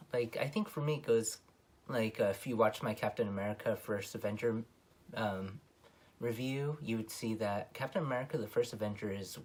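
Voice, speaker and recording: A man's voice: fairly low pitch, breathy edge. A man giving a casual, rambling film review, full of ums and self-corrections, his voice jumping up on emphatic points. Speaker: movie reviewer.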